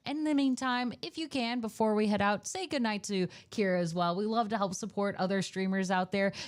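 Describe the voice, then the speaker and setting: A young woman wrapping up her stream in a loose, chatty way. Her voice sits at an ordinary middle pitch, and her talk is playful and easygoing. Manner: chatty and playful, baby-talks to her dog. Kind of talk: casual end-of-stream chat.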